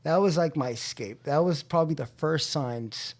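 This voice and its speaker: A man's voice: fairly high pitch, moderate pace, darkish tone. A man from California, a podcast guest, telling his recovery story in an earnest, heartfelt way.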